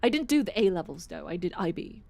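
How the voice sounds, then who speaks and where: A woman's voice: on the low side, big pitch swings, quick pace, creaky, a little mellow. A young woman with an American accent, chatting casually as a streamer in a rambling, giggly way on a desk microphone at home. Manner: chatty and rambling, restarts sentences, giggles often.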